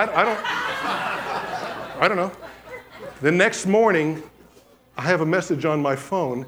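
A pastor, a man, preaching a sermon and telling testimony stories with lively storytelling and acted-out dialogue. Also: a little high. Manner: animated storytelling, acts out quoted dialogue.

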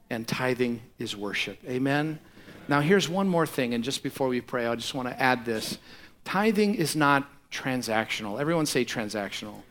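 A middle-aged male pastor preaching a sermon, swinging from conversational asides to impassioned, pleading passages. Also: mid-range voice. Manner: impassioned, rising to near-shouts in prayerful passages.

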